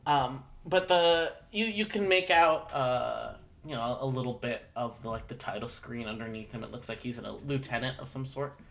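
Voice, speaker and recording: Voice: mid-range voice, normal speed, gravelly, hardly any pauses. Hesitant game master narrating a tabletop scene. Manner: hesitant narration full of filler "uh"s, laughs often.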